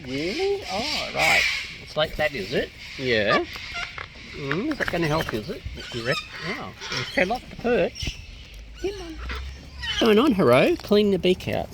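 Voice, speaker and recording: A woman coos and baby-talks to the wild birds gathering around her, speaking slowly with a gravelly edge. Her pitch sits low but swings widely as she greets them. The outdoor recording carries clear background noise. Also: wildly swooping pitch. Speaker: bird feeder vlogger. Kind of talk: casual chat with wild birds.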